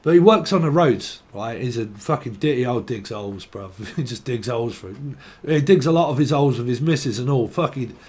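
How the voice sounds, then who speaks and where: A man's voice: mid-range voice, expressive, fairly quick, a little mellow. A man giving a casual, rambling tarot reading, swearing and laughing between tangents. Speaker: tarot reader.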